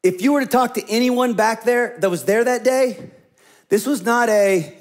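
A man with a high voice preaching a sermon as a senior pastor. He tells stories with lively energy, then sinks into quiet, slow phrases to drive a point home. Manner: animated storytelling that drops to hushed, slow emphasis.

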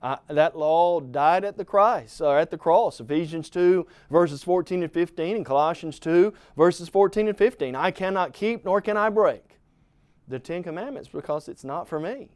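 A man's voice: a little high, normal speed, darkish tone, clear, resonant tone, no echo. Emphatic middle-aged man preaching a Bible lesson. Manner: earnest, emphatic preaching that rises and falls in volume; addresses the listener as "friend".

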